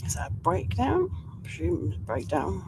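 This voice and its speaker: A woman's voice: on the low side, huge pitch swings, normal speed. A woman in casual live commentary while she drives, talking to viewers and laughing often. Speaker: storm chaser streaming live. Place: inside a moving car. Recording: faint road noise from the car.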